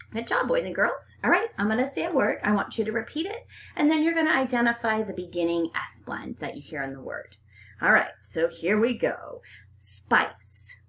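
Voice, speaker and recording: A woman's voice: mid-range voice, fairly bright tone. A woman teacher leading a phonics lesson for young children, upbeat and sing-song, stretching out the sounds.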